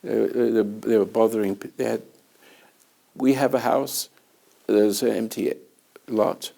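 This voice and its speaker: A man's voice: fairly low pitch, steady tone, a little slow, gravelly, mellow. A man hosting a conversation as a spiritual teacher, telling rambling anecdotes with chuckles along the way. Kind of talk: storytelling in conversation.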